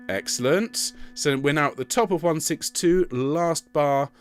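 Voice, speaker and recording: Encouraging male choir leader with loud piano. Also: mid-range voice, moderate pace, few pauses. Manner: encouraging, counts in and sings phrases as examples. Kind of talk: online choir rehearsal teaching.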